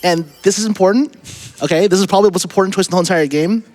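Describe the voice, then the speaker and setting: A man's voice: sits high, very fast, darkish tone, soft background music. A man doing live commentary on his own speedrun, upbeat and talking straight to viewers. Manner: upbeat, addresses viewers directly. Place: charity marathon event stage.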